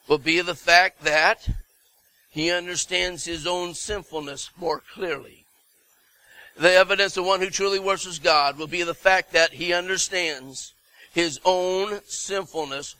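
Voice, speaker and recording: Brief: middle-aged male preacher, fervent, high bright voice, dry close sound. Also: no echo, low-quality recording. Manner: fervent, shouting repeated words, folksy asides. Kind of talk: sermon.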